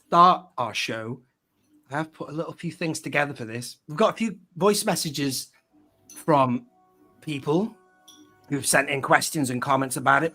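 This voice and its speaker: Guy hosting a live stream, kinda high voice, chatty, reads out names from the chat. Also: sharp tone. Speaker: host of a live fan show.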